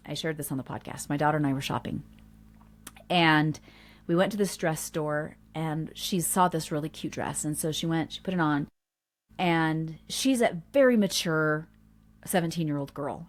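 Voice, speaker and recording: A woman in her forties leads a parenting workshop in an earnest, heartfelt way. Her voice sits on the low side for a woman. She often acts out short family stories and quotes as she goes. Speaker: homeschool workshop host.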